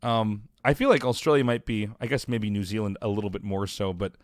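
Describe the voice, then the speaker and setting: A man from the United States hosting a podcast, chatting in a relaxed, laid-back way and often trailing off mid-sentence. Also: on the low side, brisk, no echo, studio quality. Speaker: podcast host. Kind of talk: casual podcast chat.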